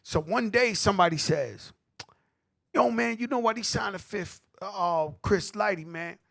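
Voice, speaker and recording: A middle-aged man with a New York accent, telling animated stories at a tribute panel, acting out quotes and swearing freely. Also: high-pitched, measured pace, gravelly. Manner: animated street storytelling, acts out quotes, swears. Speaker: host.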